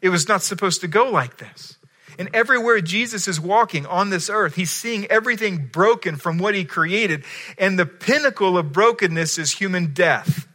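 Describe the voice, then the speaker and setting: A man's voice: high voice, moderate pace, pushed and bright. A man preaching a sermon in a conversational storytelling way, often checking in with his listeners. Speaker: pastor.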